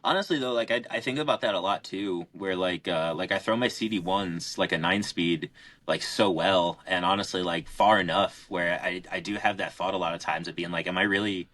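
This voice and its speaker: A young male podcast co-host tells stories in casual chat, rambling loosely with lots of fillers and restarts. His voice is low-pitched and a bit bright, and he talks a little fast.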